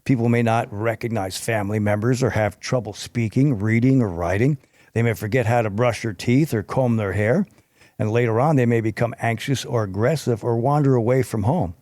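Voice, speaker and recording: A man hosts a podcast and reads through health facts from his notes, breaking off now and then for a casual aside. He trips over the harder terms from time to time. His voice sounds close and dry, at a middle pitch. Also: moderate pace, a little mellow, dry recording. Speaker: podcast host. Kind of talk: reading health information aloud.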